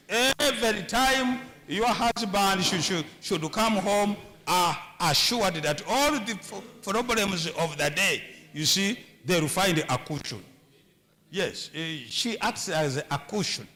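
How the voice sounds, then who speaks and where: A man's voice: sits high, sharp tone. A man preaching a humorous sermon on marriage in a church, with a Ugandan English accent, often repeating and stumbling over words.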